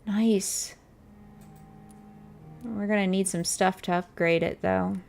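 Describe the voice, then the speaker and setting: A woman's voice: medium pitch, fairly even intonation, vocal fry, darkish tone, slight background noise. A woman streamer playing a video game, reading in-game text aloud and musing on it. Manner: slow, musing, reads text aloud then comments. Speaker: gaming streamer.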